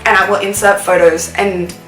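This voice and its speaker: A woman's voice: mid-range voice, level tone, normal speed, a bit bright. A young Australian woman telling a storytime vlog in a chatty, filler-heavy way, recorded in a roomy space with faint music. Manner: chatty, breathless, lots of fillers. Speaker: vlogger. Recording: roomy sound, distant mic, faint music.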